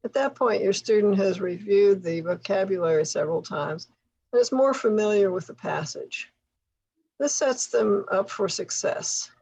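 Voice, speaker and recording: Woman running a tutor training session, kinda gravelly and husky, explains stuff patiently. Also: medium pitch, normal speed, low-quality recording. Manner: explanatory, gentle laughs. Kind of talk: workshop instruction.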